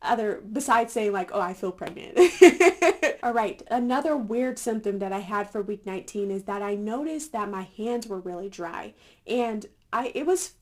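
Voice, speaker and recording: A young adult woman chatting casually to her viewers, filling pauses with "um" and "like" and laughing often. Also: fairly high pitch. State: a little winded. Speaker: vlogger. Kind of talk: casual chat to camera.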